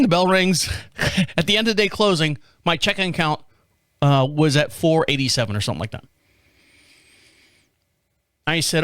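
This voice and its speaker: A man's voice: fairly high pitch, animated, moderate pace, pauses often, a bit bright, no room sound, studio quality. A man hosting a podcast, ranting profanely and exasperatedly about a bank fee, acting out both sides of a call. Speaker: podcast host. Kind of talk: casual storytelling rant.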